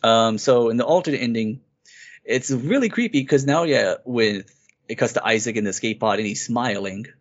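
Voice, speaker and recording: With lively intonation, a mid-range voice and a normal pace, a man co-hosting a podcast eagerly rambles through a game's story. It's a casual game-review chat, and the recording is dull and lo-fi.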